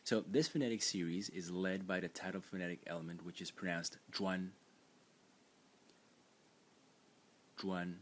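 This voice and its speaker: Male teacher, very low voice, unscripted explainer with lots of "uh" and restarts. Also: fast talker, breathy edge. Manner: explanatory, frequent fillers and restarts. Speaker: language teacher. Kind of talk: screen-recorded lesson narration.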